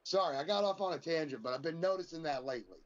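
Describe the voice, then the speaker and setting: Male podcast co-host, heated and profane, higher-pitched voice, lo-fi sound. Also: fast talker. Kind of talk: casual wrestling chat. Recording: dull lo-fi sound.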